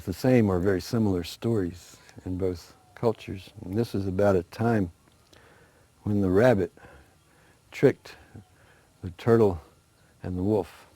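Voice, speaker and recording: A man tells folktales aloud in an easy, conversational manner, with little stumbles and restarts along the way. His voice sits low and the sound is close and dry, with no room around it. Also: no room sound. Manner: relaxed, conversational, with small restarts. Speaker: storyteller guest. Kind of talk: oral folk storytelling.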